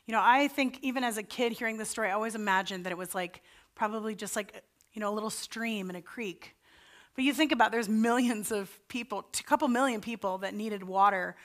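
A woman's voice: medium pitch, fairly bright tone. A woman pastor giving a sermon in a conversational storytelling way, acting out the voices of the people she describes. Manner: conversational storytelling, acts out the Israelites' panicked voices.

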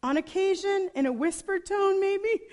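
A woman's voice: extremely high pitch, moderate pace, a little mellow, pitched above the performer's own voice. A woman voicing a young woman college athlete, reassuring and matter-of-fact. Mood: gently teasing.

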